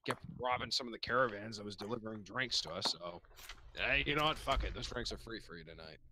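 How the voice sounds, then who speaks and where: A man voicing a big, hungry, crude male ogre who runs a tavern, with gruff, blunt talk and casual swearing. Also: fairly low pitch, quick pace, background noise, voice pushed down, lightly acted. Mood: grateful.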